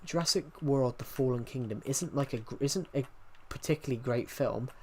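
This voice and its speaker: A man's voice: mid-range voice, normal speed, a little hiss or hum. Young british guy chatting on his stream, rambly and restarting a lot, faint typing behind. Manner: rambling, many restarts, answers viewer chat. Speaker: livestreamer. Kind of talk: casual stream chat.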